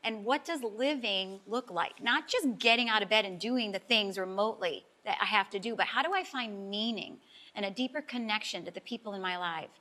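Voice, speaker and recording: A woman's voice: mid-range voice, brisk, pushed and bright. A middle-aged woman, a life coach guest, telling an emotional personal story in a talk-show interview, earnest and heartfelt and close to tears at times.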